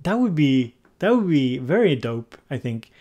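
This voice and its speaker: A man hosting a relaxed livestream and chatting with viewers. He thinks aloud and sometimes searches for the right English word. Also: mid-range voice, measured pace, lo-fi sound. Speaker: livestream host. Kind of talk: casual livestream chat, answering viewer comments.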